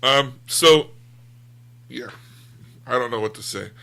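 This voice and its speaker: Man, gravelly, bright tone, casual podcast talk, rambling. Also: medium pitch, unhurried. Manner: rambling, self-deprecating. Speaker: podcast co-host. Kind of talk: casual book discussion.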